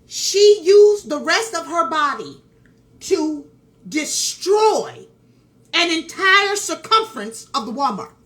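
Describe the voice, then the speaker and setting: A woman's voice: very high voice, big pitch swings, slow, fairly bright tone. A woman vlogger telling a story in casual commentary, emphatic, repeating phrases and talking straight to her viewers. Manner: talks straight to viewers with asides.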